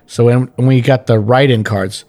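A man's voice: mid-range voice, steady tone, moderate pace, mellow. A man in his thirties joking animatedly in casual podcast chat.

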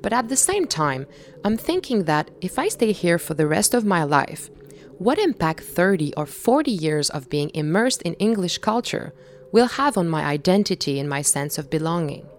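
Québécois woman narrating, lively low voice. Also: normal speed, slight background noise. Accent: Québécois French. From Quebec. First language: French. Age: 30s. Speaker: documentary host and narrator. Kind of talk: reflective scripted narration.

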